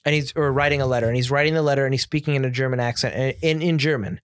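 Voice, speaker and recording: A man's voice: mid-range voice, steady tone, rapid-fire, clear, resonant tone. An American man co-hosting a casual chat, giving opinionated, rambling takes with many restarts. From United States. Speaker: podcast co-host. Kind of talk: casual chat about video games.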